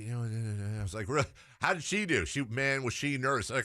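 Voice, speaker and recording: A man in his forties hosting a sports radio show, telling an animated story about his daughter in quick bursts. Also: mid-range voice, dry recording, clean studio sound. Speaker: radio host.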